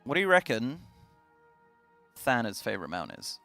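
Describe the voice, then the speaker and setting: A man's voice: mid-range voice, big pitch swings, normal speed, pushed and bright, soft background music. A man co-hosting a stream, chatting casually and teasing with a joking manner. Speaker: stream co-host. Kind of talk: casual chat. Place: streaming studio.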